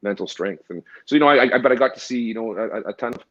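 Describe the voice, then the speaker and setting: A man who is a former pro hockey goalie, telling rambling, animated stories with many restarts in a casual interview. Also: medium pitch, rapid-fire. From Canada. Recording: dull lo-fi audio.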